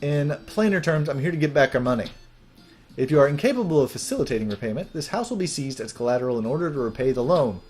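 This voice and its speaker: A man's voice: medium pitch, lively intonation, quick pace, a little mellow, slightly rough, faint music behind. A man doing a prim fairy debt collector. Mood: businesslike. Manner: stiff, formal, businesslike.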